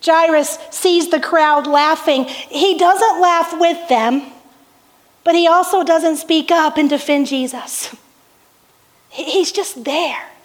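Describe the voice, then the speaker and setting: A woman with a very high voice delivers an unhurried sermon, lingering over each phrase. She tells the story through rhetorical questions and small laughs. Her voice rings out with a long hall reverb. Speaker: pastor.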